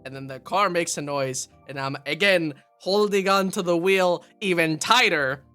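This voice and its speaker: A streamer casually telling a funny story to chat, animated and laughing often at their own expense. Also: mid-range voice, normal speed, faint music behind.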